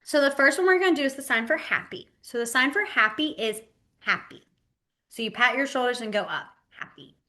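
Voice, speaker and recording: Female teacher, lively and giggly, acts out examples, slightly high voice, webcam call. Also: a little fast. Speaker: sign language teacher. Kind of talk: online class instruction. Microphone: webcam mic on a video call.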